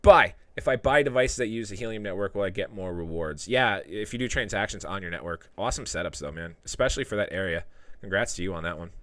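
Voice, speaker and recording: A man's voice: mid-range voice, fairly bright tone, no room sound. A young man hosting a casual livestream, reading out viewer comments and joking with his chat. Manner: joking, loose, talks to chat by name. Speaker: livestream host.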